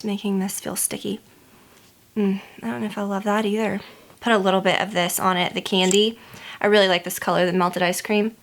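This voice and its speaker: A woman's voice: medium pitch, level tone, brisk. Chatty woman rambling while doing makeup. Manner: chatty and rambling, heavy use of "like". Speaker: beauty vlogger. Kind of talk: casual gossip chat while doing makeup.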